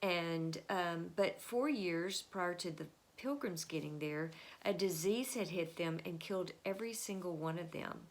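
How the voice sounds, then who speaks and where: A woman giving a casual spoken history lesson, telling it as a chatty story full of fillers and quick bits where she voices the people in it. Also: on the low side. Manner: acts out the historical figures with quick changes of voice.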